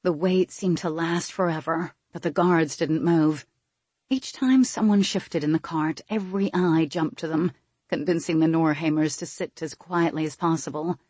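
A woman narrates an audiobook in a low, husky voice with steady, measured storytelling. The recording is close and dry, with no room sound. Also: dry recording.

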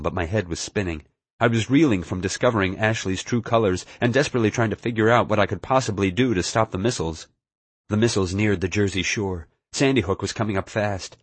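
A man's voice: on the low side, slightly rough, no room sound. A man narrating an audiobook in the first person, telling the story expressively.

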